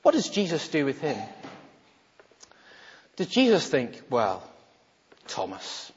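A man preaches a sermon in a high, husky voice, pressing his points with rhetorical questions and sinking to soft tones for quoted words. The recording is dull and muffled, with a long reverb from a large hall. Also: sing-song, unhurried. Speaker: minister.

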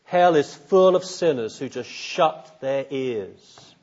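A man's voice: medium pitch, animated, takes it slowly, a little mellow, muffled recording. A man preaching a sermon in an earnest, searching way, putting pointed questions to his listeners.

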